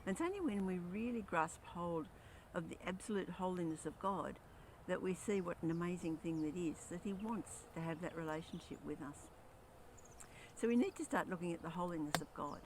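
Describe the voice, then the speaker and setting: Male lay preacher, earnest sermon delivery, slightly high voice, noisy recording. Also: normal speed. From Australia. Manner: earnest, reads scripture aloud with rising emphasis. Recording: noisy background.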